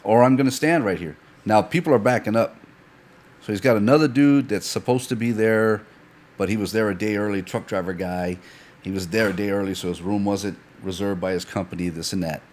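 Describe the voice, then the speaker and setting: A man's voice: on the low side, a little fast. A man telling a story in casual chat, swearing freely and acting out dialogue. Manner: animated anecdote teller, swears freely, acts out dialogue. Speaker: guest.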